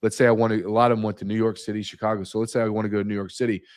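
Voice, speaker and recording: A man's voice: lowish voice, little pitch movement, rapid-fire, a little mellow. A man speaking as a guest, emphatic and repeating key numbers for effect. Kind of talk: emphatic interview talk.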